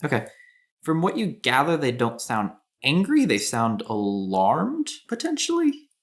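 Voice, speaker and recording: A man running a tabletop game as game master, narrating scenes in a relaxed, descriptive way. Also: mid-range voice, measured pace.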